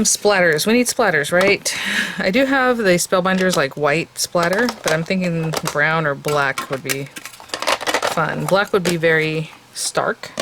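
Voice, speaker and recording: Against background noise, a woman with a voice on the low side chats through a casual card-making tutorial, thinking aloud as she works. Her voice comes across as a little tired.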